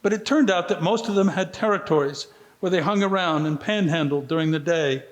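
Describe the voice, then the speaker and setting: Author reading at a literary event, male, slightly raised pitch, steady measured delivery. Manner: measured reading, brief lively voicing of quoted lines. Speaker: author reading from his book. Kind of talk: book reading at a festival. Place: festival venue.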